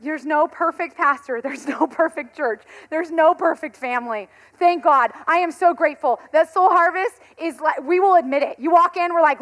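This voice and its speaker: A woman in her thirties, a pastor giving a conversational sermon, telling stories in an animated way and laughing often. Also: sits high, moderate pace.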